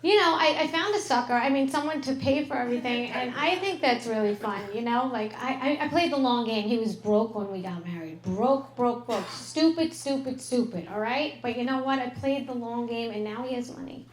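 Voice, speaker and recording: A middle-aged woman performing a stand-up comedy set on a club stage into a handheld mic, brash and crude, with a deadpan delivery and exaggerated quoted voices. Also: high voice, a little fast, hardly any pauses, slight background noise. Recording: roomy club sound.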